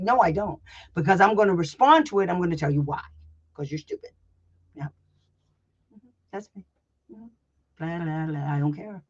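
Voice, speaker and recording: Mid-range and brisk with long pauses, the voice belongs to a brash, no-nonsense advocate guiding parents in a casual online session. Profanity and frequent laughs run through it as she acts out a school meeting from both sides, hammering points by repetition; the lo-fi recording is slightly dull.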